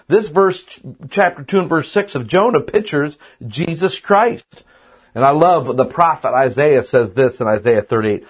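Husky man preaching casually. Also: medium pitch. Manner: conversational, sprinkles "man" and "right?". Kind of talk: casual Bible teaching sermon.

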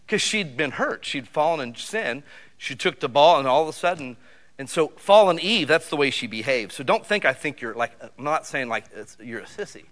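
Middle-aged male pastor, fired-up sermon delivery, bright and forceful tone, swings between loud and soft. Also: medium pitch. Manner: animated, loud bursts with sudden drops to quiet.

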